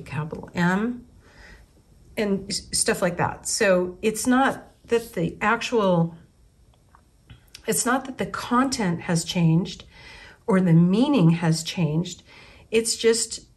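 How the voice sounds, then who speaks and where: A woman in her forties, an artist from the United States, talking through her thoughts in a loose, unscripted way. She often stops and restarts her sentences as she works out what she means. Her voice sits a little low for a woman. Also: a little mellow. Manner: rambling, thinking aloud with restarts. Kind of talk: casual spoken reflection.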